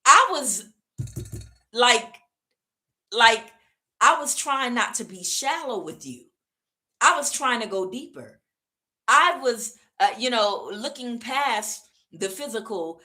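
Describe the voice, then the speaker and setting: A woman's voice: on the high side, lively intonation, slow pace, long pauses, pushed and bright, pitched above the performer's own voice, exaggerated voice. A woman doing a fed-up betrayed husband. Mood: ranting. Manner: ranting, mocking, exaggerated indignation.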